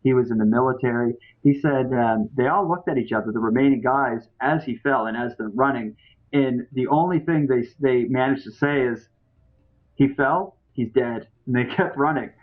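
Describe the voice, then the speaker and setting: A man's voice: mid-range voice, fairly quick. A man hosting a podcast, telling a story in a loose, chatty way with many fillers and restarts. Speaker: podcast host. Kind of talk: casual storytelling. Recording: tinny phone-like audio.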